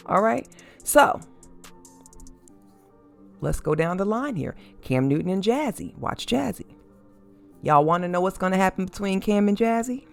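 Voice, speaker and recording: A host giving casual opinion commentary on celebrity couples, animated and sassy, mocking fans by quoting them. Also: medium pitch, a little slow, gravelly, pauses often, soft background music.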